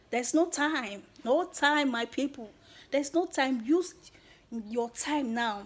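A woman's voice: on the high side, darkish tone, slight background noise. A woman with a Nigerian accent giving her viewers an earnest motivational talk, slipping into Pidgin phrases. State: emotional, near tears at the end. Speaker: YouTuber.

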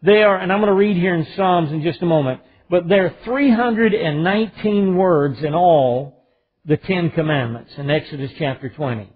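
A man with a Southern US accent, a pastor preaching a sermon with emphatic stresses on key words. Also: fairly high pitch. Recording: phone-like narrow band.

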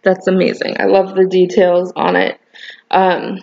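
A woman's voice: lowish voice, completely flat delivery, extremely slow, vocal fry, long pauses, highs cut off, slight background noise. A young woman hosting a knitting video podcast, chatting casually and gushing with lots of fillers. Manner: rambling, gushing, many fillers. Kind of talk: casual chat to camera.

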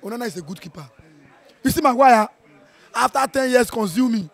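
A Nigerian man with a strained voice from shouting, reacting to a football match in an animated, playful way, slipping into Pidgin. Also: very high-pitched, a little fast, vocal fry, dry recording. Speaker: football fan. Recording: outdoor viewing center.

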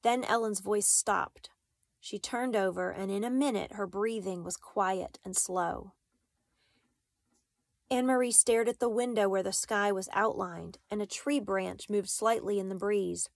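Woman narrator, measured storytelling, dry close mic, mid pitch. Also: steady tone, gravelly, no room sound. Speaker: audiobook reader. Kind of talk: reading a children's novel aloud.

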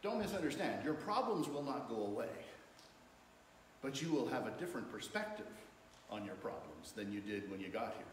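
A man's voice: mid-range voice, very animated, moderate pace. A man preaching a sermon as pastor, reading scripture aloud with rising emphasis. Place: church sanctuary. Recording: echoey church hall, faint room noise.

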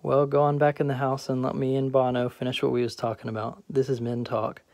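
A man's voice: medium pitch, little pitch movement, a little fast, gravelly, a little mellow, dry recording, close to an everyday voice. A man voicing a brash, boastful middle-aged man who teases and tells tall stories, in a play audiobook. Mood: teasing. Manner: swaggering, teasing, storytelling. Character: Troy, brash boastful middle-aged male garbage collector.

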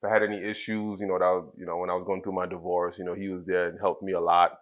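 A middle-aged man from Trinidad, a former wrestler, telling personal stories as an interview guest in a halting, candid way with many fillers and restarts. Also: deep voice, little pitch movement. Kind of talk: casual interview storytelling.

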